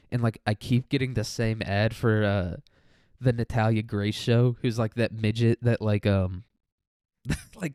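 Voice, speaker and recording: A man's voice: mid-range voice, mellow, clean tone, no echo, studio quality. A young man in a casual solo podcast monologue who rambles and swears and laughs often, sounding mentally tired. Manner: rambling, crude, laughs a lot. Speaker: student podcaster.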